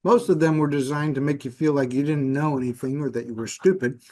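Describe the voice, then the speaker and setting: A man's voice: on the high side, brisk, a little mellow. A man describing his upcoming speech in a wry, joking way. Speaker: club speaker. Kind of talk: casual speech preview.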